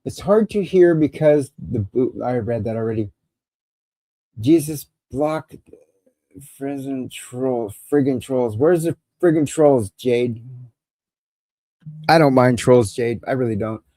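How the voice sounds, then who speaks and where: A man's voice: medium pitch, measured pace, long pauses, mellow, dry recording. A man hosting a live call-in show, chatting casually and rambling with crude jokes while he struggles with technical problems. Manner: rambling and crude, joking through technical trouble. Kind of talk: casual livestream chat.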